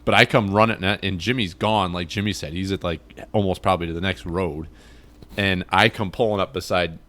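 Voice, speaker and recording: A man hosting a podcast, telling a story in an animated, rambling way with lots of restarts. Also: low voice, a little fast. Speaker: podcast host. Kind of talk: casual storytelling chat.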